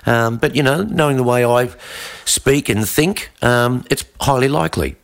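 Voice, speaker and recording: A man's voice: medium pitch, expressive, normal speed, vocal fry. An Australian man co-hosting a podcast in casual chat, rambling and self-deprecating with lots of fillers. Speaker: podcast co-host.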